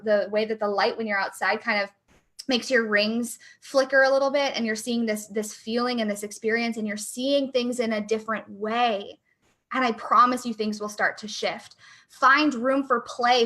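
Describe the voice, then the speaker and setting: A young adult woman coach talking in a casual, chatty and energetic way, with lots of fillers. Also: on the high side, moderate pace. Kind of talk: casual chat.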